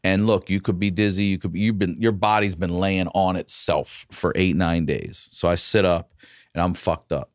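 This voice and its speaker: A man, a comedian guest on a podcast, telling a story in a casual, profane and animated way. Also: low-pitched, normal speed, no room sound, studio quality.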